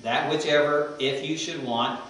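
A man's voice: on the high side, fairly even intonation, moderate pace, fairly bright tone. Man lecturing in an echoey classroom. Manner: explanatory, parses Greek forms aloud, conversational asides. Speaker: seminary Greek professor. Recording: echoey classroom from far off, faint hum.

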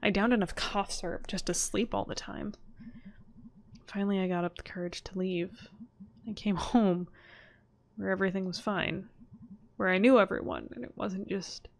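A woman voicing an anxious young adult female cat, reading game dialogue aloud in a halting, hesitant way. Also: mid-range voice, steady tone, vocal fry, close to an everyday voice. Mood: shaken.

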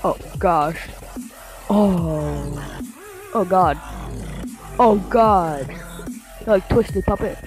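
A woman's voice: fairly low pitch, very slow, long pauses, over music. A sick woman with a cough, hosting a casual reaction video and exclaiming often.

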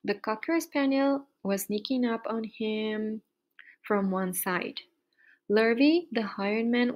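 Woman reading a children's story aloud. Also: mid-range voice.

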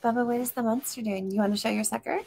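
A woman's voice: a little high, steady tone, fast, vocal fry, a little mellow, a little hiss or hum. A woman reading a picture book aloud to a young child, coaxing him with questions and breaking into gasps and exclamations. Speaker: storytime host.

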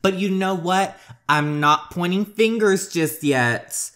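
A man's voice: high voice, takes it slowly, fairly bright tone. A man hosting a gaming channel, chatting casually with sarcastic asides while playing a story game.

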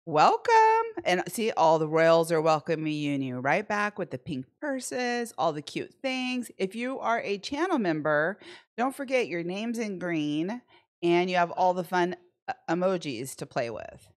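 A woman's voice: lowish voice, lively intonation, a little slow. A woman hosting a casual live slot stream from home, playfully chatting and greeting viewers by name. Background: faint slot game music.

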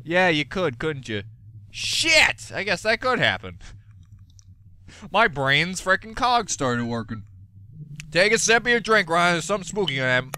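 A man giving gameplay commentary as a let's play gamer, excitable, profane and given to rants. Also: high-pitched, normal speed, pauses often, a little hiss or hum.

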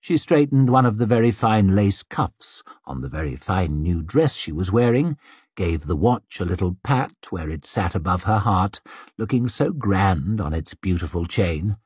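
A man's voice: low voice, expressive, a little slow, a little mellow, breathy edge, no echo, studio quality. A man narrating an audiobook expressively, slipping into a character's sneering inner voice.

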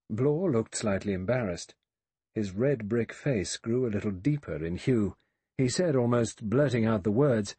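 A man narrating a mystery audiobook in a measured, grave storytelling manner, with a husky voice. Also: lowish voice, dark tone, no room sound. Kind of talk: scripted narration.

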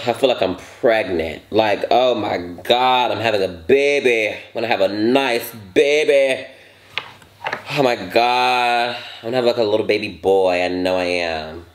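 A man's voice: medium pitch, unhurried. A young man chatting casually while eating on camera, sassy and dramatic, with mouth noises between words. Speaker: vlogger. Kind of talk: casual mukbang chat. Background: eating while talking.

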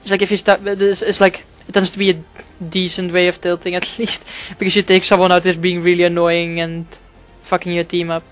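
A man narrating his own gameplay in a loose, rambling way, swearing freely and padding his sentences with fillers. His voice is smooth and clean, but his pitch stays fairly level, with little rise and fall. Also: completely flat delivery, brisk, hardly any pauses, fairly bright tone, faint music behind. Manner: rambling, profane, frequent fillers. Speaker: gaming commentator. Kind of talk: casual gameplay commentary.

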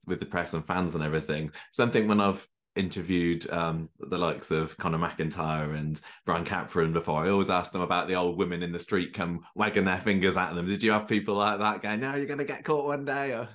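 A man's voice: deep voice, brisk, hardly any pauses, a bit bright. A man hosting a podcast, asking questions with brief, friendly prompts. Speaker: podcast host. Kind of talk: casual interview questions.

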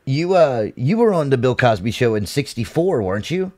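A man's voice: mid-range voice, big pitch swings, normal speed, darkish tone, no room sound, studio quality. A man hosting a podcast, asking casual prompting questions of a guest. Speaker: podcast host. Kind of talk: casual interview chat.

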